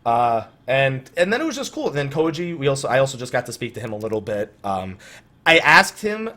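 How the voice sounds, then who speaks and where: A man's voice: medium pitch, very animated, brisk, bright, forceful tone. A young man hosting a casual podcast. He tells an anecdote with animation, acts out quotes and laughs often. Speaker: podcast host.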